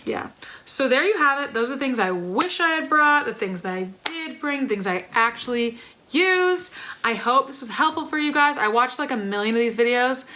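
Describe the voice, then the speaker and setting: Young woman vlogger, casual and emphatic, bright and a little high. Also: expressive, normal speed, a little hiss or hum. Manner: chatty, emphatic, many fillers. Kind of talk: casual chat to camera.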